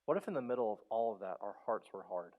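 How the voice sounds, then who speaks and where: A man's voice: fairly low pitch, expressive, fast, phone-quality sound. Passionate pastor man preaching. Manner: passionate, swings from loud pleading to soft. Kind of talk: sermon. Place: church sanctuary.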